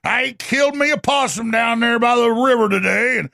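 A man's voice: extremely high pitch, fairly quick, gravelly, pushed and bright, dry recording, clean studio sound, pitched above the performer's own voice, exaggerated voice. A man mimicking a woman politician faking folksy rural granny talk, in an exaggerated mocking twang.

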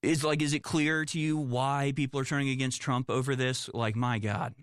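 A man's voice: medium pitch, fairly even intonation, moderate pace, hardly any pauses, clear, resonant tone, no echo, studio quality. A man commenting on the news, reading reports aloud and reacting in a sarcastic, exasperated, rambling way. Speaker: political commentator.

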